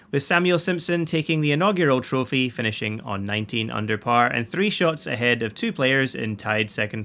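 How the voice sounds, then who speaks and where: A man hosts a weekly golf results roundup with a bright, forward tone at a middle pitch. He reads a scripted run of scores and winners steadily, lifting his voice each time a new tour comes up. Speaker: golf news host.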